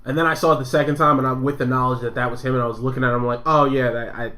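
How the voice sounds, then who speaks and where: A man's voice: mid-range voice, flat delivery, very fast, pushed and bright. A young man co-hosting a podcast, talking loosely, laughing and swearing freely in casual chat. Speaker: podcast co-host.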